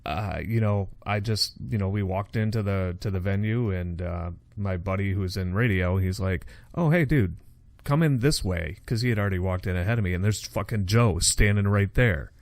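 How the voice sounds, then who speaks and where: A man's voice: low voice, fairly even intonation, moderate pace, few pauses, no echo. A man hosting a podcast in casual chat, laid-back, swearing freely and calling people "dude". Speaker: podcast host.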